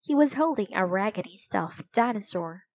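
A woman narrating a children's storybook aloud in a slow, clear, even reading voice. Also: mid-range voice, no echo, low-quality recording.

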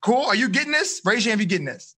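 A male life coach gives a live seminar with constant, animated energy. His voice sits high and sounds bright and forceful. He keeps checking in with his listeners as he teaches. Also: racing, breathy edge. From United States. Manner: energetic, animated, addresses audience with frequent okay and like.

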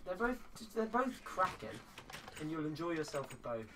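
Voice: mid-range voice, moderate pace. Chatty streamer on a distant mic. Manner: chatty, gives loud excited outbursts. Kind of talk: casual gaming chat. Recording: distant mic with steady background noise.

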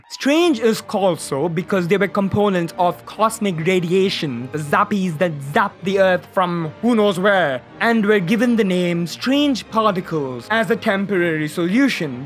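A science YouTuber giving a comedic explainer that is sarcastic and exasperated, with the odd swear word for laughs. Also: mid-range voice. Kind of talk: comedic educational monologue.

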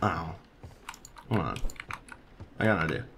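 A man's voice: low voice, expressive, unhurried, noisy background. A man giving casual, profane let's-play commentary and teasing the baby in the game. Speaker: gaming channel host.

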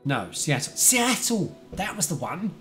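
A man's voice: medium pitch, big pitch swings, unhurried, faint music behind. Chatty British man streaming a game. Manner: chatty, talks to chat viewers, remembers their details. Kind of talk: casual live-stream gameplay chat.

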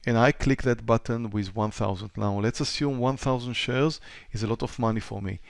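At normal speed and in a creaky, mid-range voice, a man leads a live trading webinar. The sound is clean studio audio with no room tone. He speaks directly to his students, repeats phrases, and voices a trader's racing thoughts.

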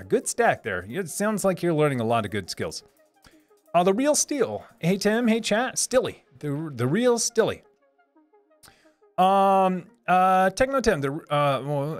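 A man in his thirties hosting a casual live stream, reading viewer comments aloud, chatty, laughing often and repeating words as he restarts sentences. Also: on the high side.

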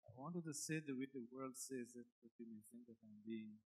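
A male pastor with a mid-range, slightly breathy voice preaches a sermon a little fast. His emphatic delivery swings from hushed asides to loud, shouted climaxes.

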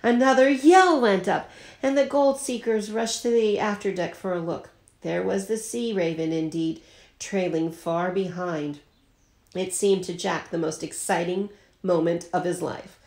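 Teacher reading a chapter book aloud to her class, expressive storytelling. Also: lowish voice, measured pace. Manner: expressive, lightly voices the characters. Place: at home.

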